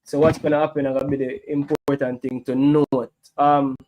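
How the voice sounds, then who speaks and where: A man's voice: medium pitch, flat delivery, normal speed, a little mellow, slight background noise, poor audio. Jamaican man hosting a live stream. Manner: chatty, frequent "you see me" tags. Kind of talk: casual live stream chat.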